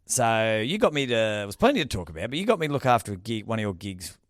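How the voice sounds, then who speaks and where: A man with an Australian accent, a comedian co-hosting a podcast, teasing his co-host with quick comebacks in casual chat. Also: fairly low pitch, big pitch swings, dry recording, clean studio sound.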